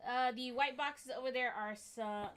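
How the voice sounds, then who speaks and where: A woman's voice: high-pitched, normal speed, a bit bright. A woman co-hosting a casual livestream, chiming in from the side to relay chat messages. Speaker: co-host.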